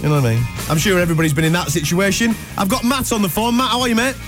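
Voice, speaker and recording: A man hosting a breakfast radio show, chatting in a jokey, matey and excitable way. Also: sits high, racing, music in the background. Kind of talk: casual radio banter.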